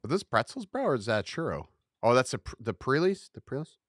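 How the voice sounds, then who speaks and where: Excitable self-mocking male stream host. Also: mid-range voice, fairly quick, no echo, studio quality. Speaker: livestream host. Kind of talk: casual chat.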